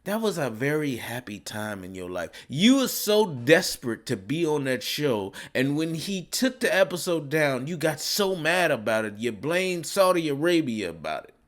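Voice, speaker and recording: A man's voice: a little high, sing-song, moderate pace, few pauses. A man delivering a ranting commentary, mocking and scolding with insults. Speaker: commentary vlogger.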